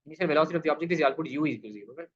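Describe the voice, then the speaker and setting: A male physics teacher talks rapid-fire in a voice on the high side, solving a problem by asking and answering his own questions. He calls the class "people", and the lesson is captured in a dull, lo-fi recording.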